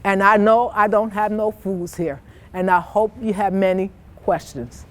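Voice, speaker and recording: A woman's voice: medium pitch, fairly even intonation, measured pace. A woman giving an inspirational speech to students, storytelling with emphatic, repetitive phrasing and acting out voices in quoted dialogue. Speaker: motivational speaker. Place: office headquarters in Boston.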